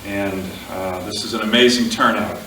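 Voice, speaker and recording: A man from Alaska giving a eulogy at a memorial gathering, halting with fillers and light jokes. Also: on the low side, fairly even intonation, a little hiss or hum. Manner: halting, fillers, warm joking asides. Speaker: speaker at a memorial. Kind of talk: public eulogy speech. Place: outdoor gathering with a crowd. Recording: echoey, distant amateur crowd recording.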